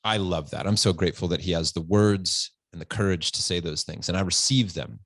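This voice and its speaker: A man's voice: low-pitched, brisk, dry recording. A man in his forties telling a personal story on a podcast, earnest and open, close to tears at times. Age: 40s. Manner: earnest, open, animated retelling with quoted voices. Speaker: podcast guest.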